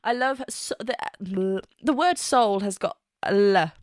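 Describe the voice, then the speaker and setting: A woman's voice: mid-range voice, slow, no room sound, clean studio sound. A woman vocal coach teaching singing in a casual, giggly way, often breaking into laughter and self-mocking asides. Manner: giggly, self-mocking, demonstrates with sung notes.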